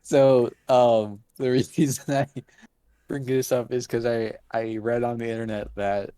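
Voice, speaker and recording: A man's voice: medium pitch, level tone, unhurried, mellow, clear, resonant tone, no room sound. A man co-hosting a casual podcast chat, hesitant and chuckling mid-sentence.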